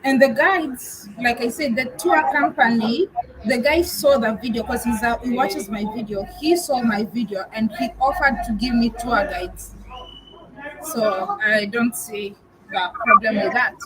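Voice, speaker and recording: A woman's voice: a little high, measured pace, very noisy. A woman from Kenya hosting a casual live-stream chat, speaking frankly with frequent restarts and repeats. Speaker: vlogger host on a live chat.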